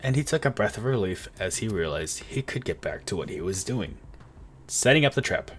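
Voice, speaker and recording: A man putting on a calm, measured narrator voice that tells his own actions in the third person. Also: fairly low pitch, slight background noise. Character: calm male storybook narrator.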